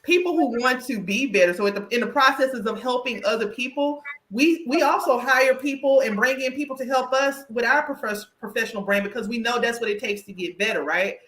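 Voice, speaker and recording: A woman's voice: on the high side, a little fast, hardly any pauses, a bit bright, reverberant, low-quality recording. A woman with a Southern US country twang hosting a podcast interview, talking in an emphatic, chatty way and often tagging on "right?". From Southern United States. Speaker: podcast host and career coach. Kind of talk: conversational interview.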